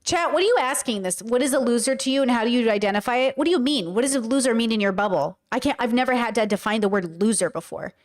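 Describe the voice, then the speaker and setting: A woman's voice: fairly high pitch, quick pace, hardly any pauses. Heated, swearing woman ranting to chat. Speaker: commentary host. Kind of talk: reacting to a video clip, talking to chat.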